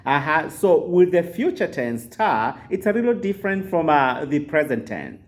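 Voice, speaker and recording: A man's voice: a little high, sing-song. Patient man teaching over a call. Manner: patient, repeats words slowly, many filler uhs. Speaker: Swahili teacher. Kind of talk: online language lesson.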